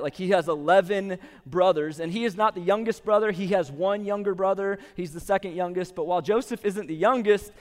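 A man's voice: high voice, big-room sound. A man giving a casual, conversational sermon, retelling a story and acting out the quotes. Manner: conversational, lots of "like", acts out quotes. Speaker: preacher. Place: venue with a live audience.

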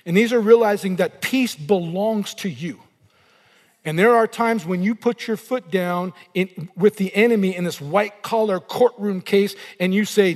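A middle-aged male pastor preaching a sermon, animated and acting out inner voices as he goes. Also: high voice, moderate pace, in a large hall.

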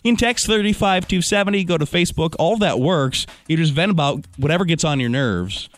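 Animated male radio host. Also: a little high, brisk. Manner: playful, rambling, riffs on silly ideas. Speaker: radio morning show host. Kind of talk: joking radio banter. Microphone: studio microphone.

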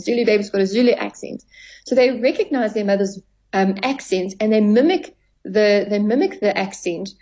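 In a radio interview, a woman therapist with a medium-pitched, dark voice explains things at length. She acts out quoted dialogue with clients, and the recording quality is low.

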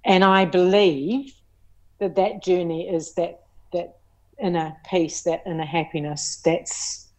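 A woman talking as an interview guest, earnest and reflective, pausing often and restarting her sentences. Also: lowish voice, steady tone, a little mellow. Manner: earnest, halting, with many fillers and restarts. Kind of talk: reflective personal conversation.

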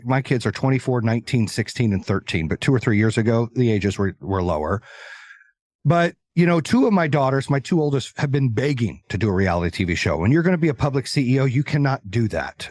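A man telling stories as an interview guest, talking in an energetic, emphatic, animated way. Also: medium pitch, dry recording. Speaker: podcast guest, entrepreneur. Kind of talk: casual interview storytelling.

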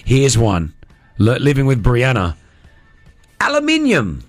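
A man's voice: mid-range voice, slow pace, dry recording, faint music behind. A man with an Australian accent, co-hosting a casual studio chat and leading a word game. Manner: animated, playful, leads the segment. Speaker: radio co-host.

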